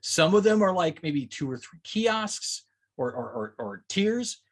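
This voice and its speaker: Playful husky man with lively pitch. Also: unhurried. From Southeast US. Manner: playful, wordy, trips over his words. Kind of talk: casual podcast chat.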